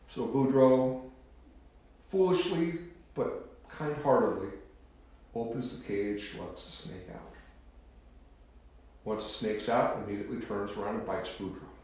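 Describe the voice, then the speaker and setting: A man preaching a sermon in a solemn, emphatic, deliberate manner, pausing to stress key words, in a church. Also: medium pitch, darkish tone. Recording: very echoey room.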